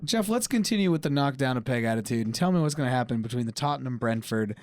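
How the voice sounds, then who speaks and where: A man co-hosting a casual sports podcast from a home studio, quick and joking, steering the talk with questions. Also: mid-range voice, expressive, darkish tone, no echo. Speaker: podcast co-host.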